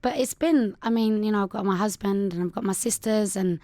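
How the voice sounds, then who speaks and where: A woman's voice: medium pitch, fairly quick, dark tone, dry recording. Candid young British woman on radio. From United Kingdom. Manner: candid, hesitant, many fillers like "um" and "like". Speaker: guest. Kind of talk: radio interview. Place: radio studio. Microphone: studio microphone.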